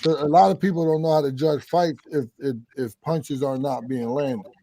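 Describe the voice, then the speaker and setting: A man's voice: on the high side, normal speed, no echo. A man who coaches boxing, talking casually and walking through how fights get scored. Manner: animated, explains fight scoring with demonstrations. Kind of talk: casual livestream chat.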